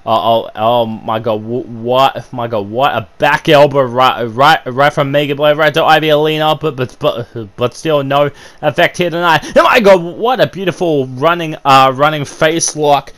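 A man with a mid-range voice gives amateur play-by-play commentary on a wrestling video game at normal speed. He is excitable, full of fillers, and keeps stammering and restarting his sentences.

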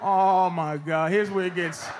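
A man doing a loud, animated stand-up set, jumping into shouted put-on voices. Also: high-pitched, a little slow. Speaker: stand-up comedian. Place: comedy club stage before a laughing crowd. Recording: live club recording, loud crowd and noise. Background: audience laughter.

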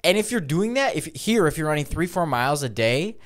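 A man's voice: on the high side, a little fast. A young man co-hosting a podcast, laughing through his stories, swearing a lot and acting out the people he quotes. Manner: laughing storyteller, heavy swearing, animated quoted voices. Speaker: podcast co-host. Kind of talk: casual podcast chat.

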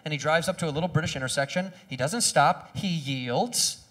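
A man in his thirties performing a stand-up comedy set on stage, animated, acting out quoted voices and shouting punchlines. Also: fairly high pitch, fairly quick.

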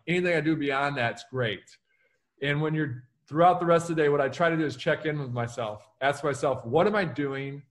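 This U.S. author and keynote speaker answers an interviewer in a lively, motivational style, performing each quote he brings up. He speaks in a mid-range voice.

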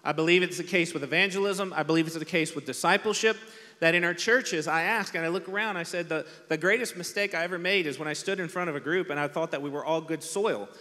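A pastor with a fairly high, pushed and bright voice preaches quickly in a conversational style, poking fun at himself and acting out quotes. He's in a large church hall, and the church PA gives a long hall reverb.

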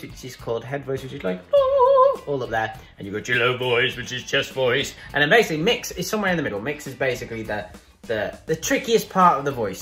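A man's voice: medium pitch, a bit bright. A man chatting casually to camera in a vlog about his day, upbeat and rambling with fillers. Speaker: gaming YouTuber vlogging his day.

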